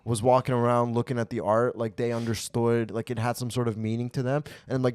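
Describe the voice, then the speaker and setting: A man hosting a casual podcast as a comedian, talking in a deadpan, provocative, joking way. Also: mid-range voice, fairly quick, few pauses, dry recording, clean studio sound.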